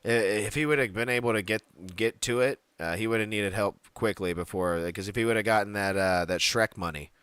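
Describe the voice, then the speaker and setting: A man's voice: lowish voice, a little fast, hardly any pauses, a bit bright, clean tone, no room sound. A man co-hosting a casual wrestling podcast, rambling and joking, trying out silly accents. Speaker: podcast co-host.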